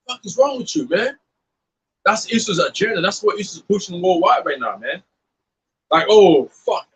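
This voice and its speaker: A man's voice: high-pitched, lively intonation, fairly quick, a bit bright, breathy edge, poor audio. A man preaching in a casual, profane, fired-up way, mixing scripture with blunt storytelling. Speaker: street preacher.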